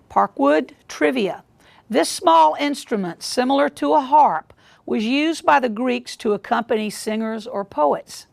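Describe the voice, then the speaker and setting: A woman hosting a school quiz show, reading questions in a measured way and repeating them deliberately. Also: on the high side, gravelly.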